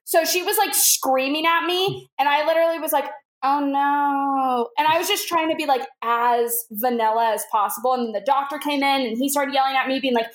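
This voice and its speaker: High-voiced woman telling a comic story. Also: quick pace, hardly any pauses, echoey room. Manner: animated, laughs often, full of fillers. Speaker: guest comedian.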